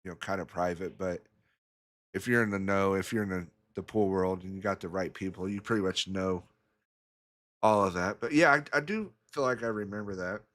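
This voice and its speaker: A man's voice: deep voice, a little fast, a bit bright. A man commentating a pool match in a casual way, rambling through stories and chuckling often.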